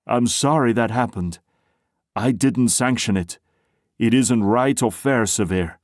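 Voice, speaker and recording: A man's voice: medium pitch, measured pace, no room sound, studio quality, close to an everyday voice. A man voicing a weary police chief who speaks firmly and bluntly. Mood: grim. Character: tired, blunt middle-aged police chief. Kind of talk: audiobook character voice.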